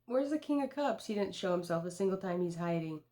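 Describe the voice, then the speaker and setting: A woman in her twenties who reads tarot rambles through a casual vlog, swearing freely and saying "dude" again and again. Her mid-range voice is mellow with lively intonation, and she talks a little fast.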